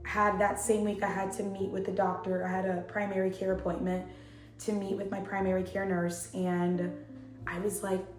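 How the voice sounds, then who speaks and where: A young woman vlogging at home, telling her story in a chatty, animated, slangy way. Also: mid-range voice, moderate pace. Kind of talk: casual storytelling vlog. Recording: echoey room with faint music.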